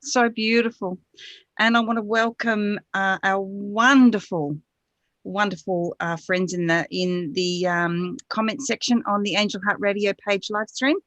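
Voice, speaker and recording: A woman hosting a live stream, welcoming viewers in a soft, unhurried way with frequent hesitations. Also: mid-range voice, no echo, muffled recording. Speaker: host. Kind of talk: casual chat.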